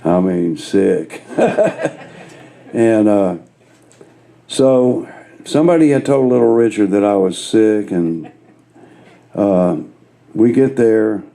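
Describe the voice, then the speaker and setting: Male guitarist, gravelly and mellow, relaxed live storyteller. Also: fairly low pitch, slow, pauses often. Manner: laid-back, self-mocking anecdotes. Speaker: guest guitarist.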